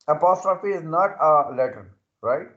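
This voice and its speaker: A man teaching an English lesson, explaining slowly and repeating himself, often checking in with "okay". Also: on the high side, lively intonation, fairly bright tone, highs cut off. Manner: repetitive, checks understanding with "okay". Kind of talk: slow classroom explanation.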